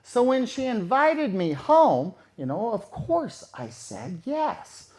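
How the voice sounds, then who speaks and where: A man's voice: extremely high pitch, very animated, slow pace, darkish tone. A man telling a true story in a casual, conversational way, repeating phrases for effect.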